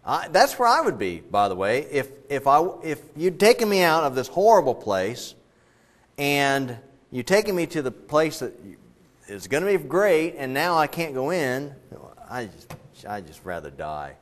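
A man's voice: a little high, sing-song, moderate pace. A man preaching a sermon as a pastor, conversational and joking as he retells the story.

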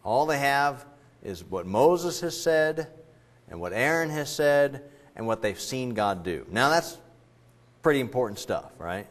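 A man's voice: mid-range voice, expressive, unhurried. A man preaching a sermon as a pastor, conversational and joking as he retells the story.

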